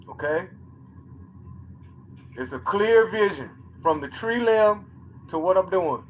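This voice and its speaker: A man, excitedly commenting on his own phone footage for a live chat, repeating himself and tossing slang asides. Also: high voice, slow, pauses often, slight background noise. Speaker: streamer showing his own sky footage. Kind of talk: casual live-stream commentary.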